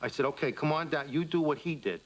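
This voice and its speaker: A man, a firefighter, giving a plain, steady first-hand account in a documentary interview. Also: on the high side, fast, slight background noise, rough recording. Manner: plain, steady retelling with quoted speech.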